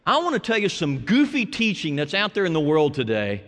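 A man preaching a sermon as a pastor, shifting from hushed, drawn-out phrases to loud, emphatic lines. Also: a little high, wildly swooping pitch. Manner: dramatic preaching, dropping to hushed tones and rising to shouts. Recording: long hall reverb.

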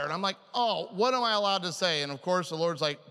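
Man, humorous sermon, self-mocking, animated, bright forceful tone, long hall reverb. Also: fairly high pitch. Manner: animated, self-mocking, quick shifts into quoted voices. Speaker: preacher.

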